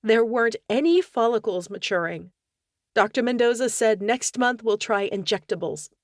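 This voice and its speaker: A woman reader doing a distraught young wife in an audiobook, pitched well above her narrating voice and pushed louder. Her pleading lines crack with tears. The sound is close and dry. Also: moderate pace, no room sound, natural voice. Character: anguished young wife, tearful and desperate. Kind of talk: audiobook character dialogue.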